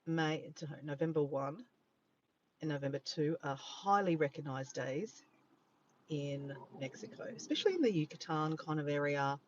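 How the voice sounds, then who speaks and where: A rambling, chatty Australian man with a slightly high voice talks casually into his phone from a car parked by the beach. The sound is a bit dull, with faint ambience behind him. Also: a little hiss or hum. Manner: chatty, rambling, easily sidetracked. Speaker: vlogger. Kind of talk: casual livestream chat. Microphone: handheld phone camera.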